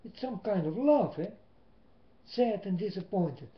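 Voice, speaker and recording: A man whose first language is Dutch, preaching a sermon in English into a webcam at home, slow and emphatic, swinging between loud and soft. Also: high voice, expressive. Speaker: lay preacher. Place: indoors at home. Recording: roomy, dull webcam audio.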